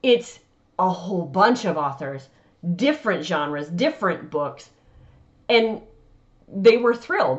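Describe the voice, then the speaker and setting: A woman's voice: lowish voice, animated, unhurried, pauses often, muffled recording. Chatty emphatic woman giving tips. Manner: chatty and emphatic, acts out customer dialogue. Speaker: author giving vendor tips. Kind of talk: casual advice talk to camera.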